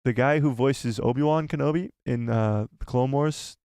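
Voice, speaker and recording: Chatty young man with a gravelly edge. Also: medium pitch, normal speed, darkish tone, no room sound, clean studio sound. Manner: chatty, laughs often, thanks donors. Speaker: live-stream host. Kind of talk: casual live-stream chat.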